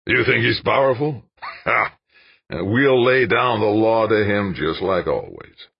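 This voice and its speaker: A man reading the part of a crude, blunt old oil tycoon who snaps and mutters, with a rasping snicker. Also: lowish voice, very animated, slow pace, no room sound, dull audio, voice pushed up, exaggerated voice. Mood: gruff.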